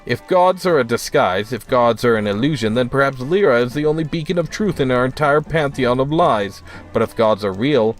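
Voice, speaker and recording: A man voicing a philosophical male monk in a game, musing on gods in a slow, measured manner. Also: medium pitch, expressive, faint music behind, voice pushed up, lightly acted.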